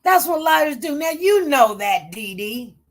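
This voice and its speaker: A woman talks through news stories in a casual, emphatic way, circling back and repeating her points. Her voice sits fairly high, and her phrasing is loose and informal. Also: unhurried. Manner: emphatic, repetitive, animated. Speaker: commentator.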